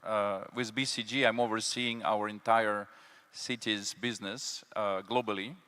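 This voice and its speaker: A man's voice: on the low side, fairly even intonation, a little slow, pushed and bright, clear, resonant tone. A man speaking on a conference panel as a city development consultant, emphatic, repeating key words, with many fillers. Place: conference hall.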